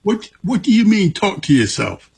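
A man hosting an interview, asking questions slowly and gently. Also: high-pitched, very animated, vocal fry, breathy edge. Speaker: host.

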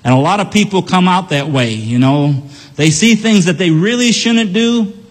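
A man's voice: high voice, expressive, normal speed, big-room sound. A man preaching a sermon in an earnest, emphatic way, repeating key phrases and telling a story.

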